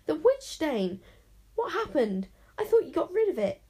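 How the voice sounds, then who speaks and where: A woman's voice: mid-range voice, fairly quick, a little mellow, close to an everyday voice. A woman voicing an anxious, fussy old male raven in a storybook reading, with a flustered, squawking manner. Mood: alarmed.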